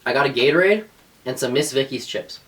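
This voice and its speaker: Lively, sarcastic young woman, slightly off-mic. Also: rumbling low, a little fast, distant mic. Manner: animated, sarcastic, laughs often, acts out quotes. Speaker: podcast co-host. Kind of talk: casual chat.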